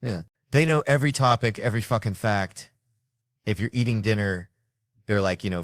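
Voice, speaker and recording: Male stand-up comic, low voice, dry close mic, animated storyteller. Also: normal speed, dry recording. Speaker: stand-up comedian. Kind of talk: stand-up comedy. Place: comedy stage. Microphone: handheld stage microphone.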